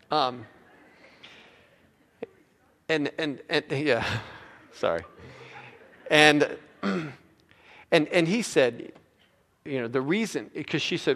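A man's voice: a little high, very slow, creaky, pauses often, a bit bright. A male pastor preaching a sermon, emphatic and prone to repeating words as he builds his points. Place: church sanctuary. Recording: long reverb of a large hall.

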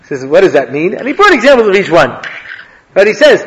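A male rabbi giving a humorous Torah lecture, an animated storyteller who laughs at his own jokes. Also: sits high, fast talker, highs cut off. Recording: long reverb of a hall.

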